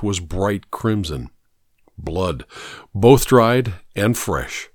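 Casting note: male audiobook narrator, measured and grave, mid pitch with an expressive lilt, dry close studio sound. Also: no echo. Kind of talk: first-person audiobook narration.

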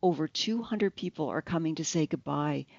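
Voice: medium pitch, normal speed, gravelly, darkish tone, dry recording, close to an everyday voice. Narrator voicing an overbearing, emotional sister. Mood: insistent. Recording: slightly dull, dry lo-fi recording.

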